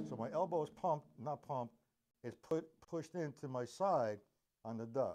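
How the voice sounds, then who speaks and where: A man's voice: medium pitch, measured pace, over loud music. A man teaching a live drum lesson, rambling between points and counting beats aloud as he plays.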